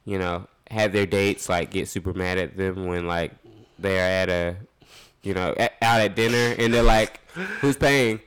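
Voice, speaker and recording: A man with a fairly low voice talks loosely on a podcast. He drifts through fillers and laughter, swearing now and then in easy banter. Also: steady tone, normal speed, fairly bright tone, smooth. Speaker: podcast co-host. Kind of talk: casual chat.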